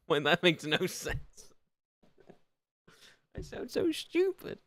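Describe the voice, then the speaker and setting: A man's voice: medium pitch, big pitch swings, normal speed, a bit bright, dry recording. A young man streaming a game and chatting with viewers, rambling, laughing often and acting out both sides of imagined conversations. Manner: rambling, self-mocking, laughs a lot. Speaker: gaming streamer. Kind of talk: casual live-stream chat reading viewer comments.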